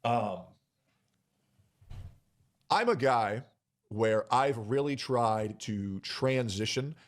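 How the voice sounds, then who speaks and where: A man making a personal announcement on his stream, hesitant and emotional, pausing often with fillers. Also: medium pitch, lively intonation.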